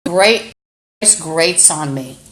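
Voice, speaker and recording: A woman host rambling in a live-stream monologue into a phone camera, halting with many fillers and breaking into angry, insulting outbursts. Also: deep voice, fairly bright tone, a little hiss or hum, rough recording.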